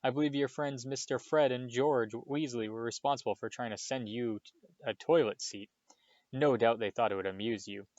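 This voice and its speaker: A man voicing a calm, kindly old male headmaster wizard who speaks gently and wryly, in a storybook reading. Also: mid-range voice, no echo, muffled recording, lightly acted. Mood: gentle. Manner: gentle, measured and wry.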